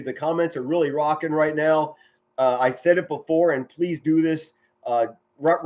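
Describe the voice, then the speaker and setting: A middle-aged man giving excited live football play-by-play from home, shouting big plays and chatting warmly with his viewers. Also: fairly high pitch. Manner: enthusiastic, yells touchdown calls, chatty and sentimental with viewers. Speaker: amateur play-by-play commentator streaming live.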